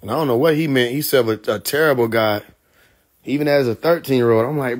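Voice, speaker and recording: A man from Atlanta, telling profane, animated stories on a live stream, laughing often. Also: mid-range voice, a little fast. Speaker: livestream host. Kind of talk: casual storytelling on a live stream.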